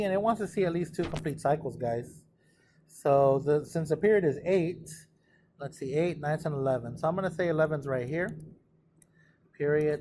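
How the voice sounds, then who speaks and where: A man's voice: fairly high pitch, background noise. A math teacher casually talking through exam problems for his students, thinking aloud as he works. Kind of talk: recorded exam walkthrough.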